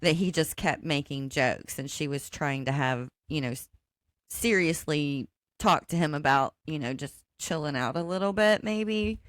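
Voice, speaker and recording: Brief: woman co-host, deep voice, calm and agreeable, dry mic. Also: no room sound. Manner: measured, thoughtful, agreeable. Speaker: podcast co-host. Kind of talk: casual recap chat.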